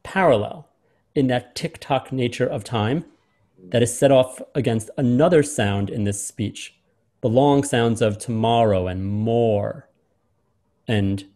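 A man hosting and lecturing, doing a close reading of a speech and drawing out key words in a measured way. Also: lowish voice, warm tone. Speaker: host and lecturer.

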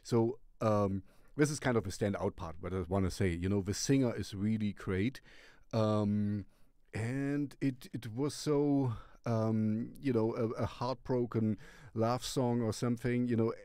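A man's voice: fairly low pitch, measured pace, dark tone, smooth, no echo, clean studio sound. A man hosting a music recommendation show, reviewing a song casually in a rambling, hesitant way with lots of fillers. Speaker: radio-style music show host.

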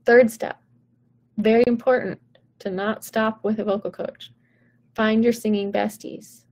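A woman's voice: fairly high pitch, level tone, a little slow, a little mellow. A woman vocal coach giving casual, encouraging advice to viewers on a live stream, chatty and full of "like" and "right?".

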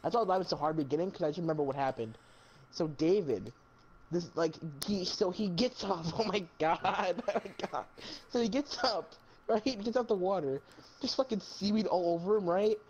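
A man's voice: sits high, fairly quick, highs cut off, a little hiss or hum. A man telling a funny story in casual chat, laughing through it and swearing a lot. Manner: laughing, profane, animated storyteller. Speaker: gaming channel co-host.

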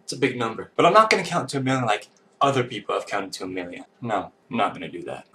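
A man's voice: on the low side, lively intonation, fast talker. A man talking casually to camera in a vlog, goofy and self-mocking, rambling from one idea to the next. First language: English. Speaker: vlogger. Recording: distant mic with faint noise.

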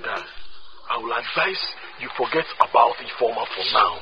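A man's voice: medium pitch, expressive, normal speed, lo-fi sound, natural voice. Man playing a blunt Nigerian friend. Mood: advising. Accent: Nigerian Pidgin. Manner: blunt, mocking. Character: blunt young male friend giving advice.

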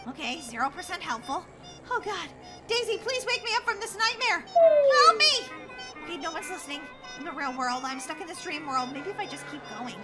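A frightened young girl, voiced by a woman, stumbles through a nightmare with a very high, squeaky voice. She talks to herself in a frantic, stammering rush. Music plays under the roleplay game scene. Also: expressive, brisk. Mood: desperate. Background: background music.

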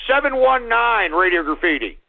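A male radio host ranting angrily at his callers, cursing and yelling at them. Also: high voice, very animated, moderate pace, vocal fry. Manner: angry, cursing, yells at callers. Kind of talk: call-in radio rant. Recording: phone-like radio audio.

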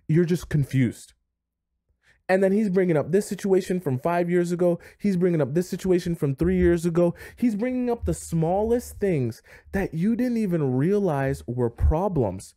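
Brief: forceful advice vlogger, warm dark voice, dry close sound. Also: male voice, high voice, lively intonation, normal speed, no echo. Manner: emphatic, lecturing, repetitive. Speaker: dating advice creator. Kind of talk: direct-to-camera advice rant.

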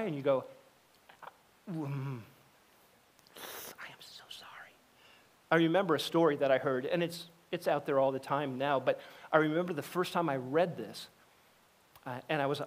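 A middle-aged man preaching a sermon as a pastor, talking conversationally and acting out the voices of people in his stories. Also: on the high side. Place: church sanctuary.

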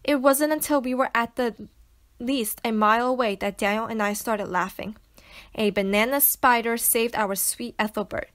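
A woman reading a children's novel aloud to schoolchildren, with an expressive storytelling manner. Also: on the high side, normal speed. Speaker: teacher reading to students.

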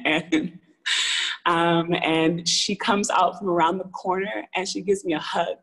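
A woman's voice: on the low side, extremely slow, long pauses, a bit bright, poor audio. A young adult woman telling a personal story on a live call, rambling with many fillers and restarts. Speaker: caller sharing a story on a live show. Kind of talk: casual storytelling.

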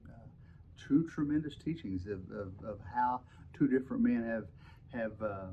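Halting man teaching Bible class. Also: medium pitch, lively intonation, muffled recording, slight background noise. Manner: halting, many repeated words and fillers. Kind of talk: Sunday school lesson with scripture reading.

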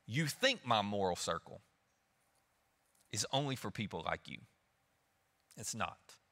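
A preacher voicing a calm, coaxing teacher. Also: male voice, on the low side, a little slow, pitched below the performer's own voice, heavily acted. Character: patient male teacher, calm and gently challenging. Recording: long reverb of a church hall.

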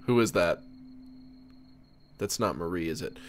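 A man's voice: sits low, measured pace, long pauses. A man streaming a game, reading its text aloud and joking between laughs. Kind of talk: casual let's-play commentary.

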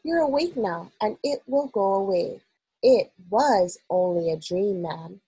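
A woman's voice: mid-range voice, expressive, measured pace, mellow, slightly rough, no room sound. A woman voicing a nervous young maid who speaks in a quivering, deferential way, in a storybook reading. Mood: anxious. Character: young maid, timid and anxious.

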